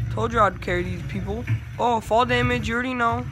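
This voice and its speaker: A young man giving casual, chatty commentary while he plays a video game, trash-talking and breaking into excitable bursts. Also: extremely high pitch, a little fast, background noise. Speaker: gamer.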